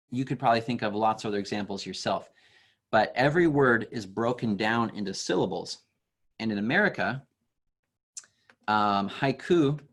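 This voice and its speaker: A young man teaching an online class for kids, explaining slowly and patiently with fillers. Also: lowish voice, fairly bright tone.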